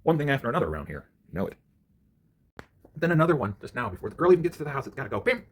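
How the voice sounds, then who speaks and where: A man ranting to the camera in a profane solo monologue, angry, swinging from low mutters to near-shouts. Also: very animated, very fast, breathy edge.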